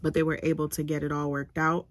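A young woman vlogger candidly recounting a hard personal experience, in a halting, emotional way. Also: deep voice, level tone. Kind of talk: personal storytelling to camera.

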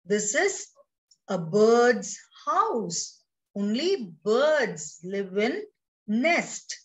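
A small, worried storybook bee, read by a woman with an Indian English accent in a raised, pleading voice. It drawls each word very slowly, the way one reads to small children. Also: a little high, big pitch swings, recorded from a distance, heavily acted. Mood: protesting.

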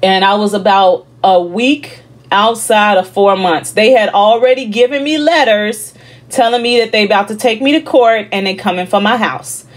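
A woman's voice: mid-range voice, moderate pace. A middle-aged woman hosting her own online ministry, telling a personal testimony in an emphatic, conversational and emotional way. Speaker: YouTube ministry host.

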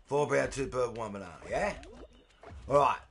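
A man livestreaming a game, chatting with viewers, greeting them by name, and shouting when excited. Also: medium pitch, moderate pace, vocal fry, a little hiss or hum. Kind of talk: casual gaming stream commentary.

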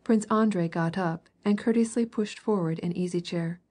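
A woman reads a classic novel aloud in steady, measured narration. Her voice is mellow and warm, with a soft, breathy huskiness. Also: fairly low pitch. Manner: even, measured storytelling. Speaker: audiobook reader.

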